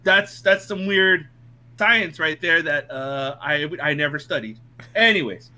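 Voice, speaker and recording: A young man spins a funny tale among friends, his voice lively and leaping up and down in pitch. The tone is bright and forward. He laughs often and swears as he talks. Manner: animated, laughing, swears freely. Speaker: podcast co-host. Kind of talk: casual storytelling among friends.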